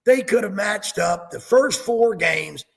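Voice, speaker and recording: A man's voice: sits high, animated, measured pace, creaky, faint music behind. A man co-hosting casual sports talk, ranting and sarcastic, recorded with a reverberant room sound.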